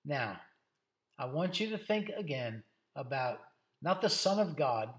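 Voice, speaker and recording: A man's voice: on the high side, big pitch swings, a little slow, roomy sound. A man preaching a sermon, dramatic and emphatic, lingering on words for effect. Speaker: pastor.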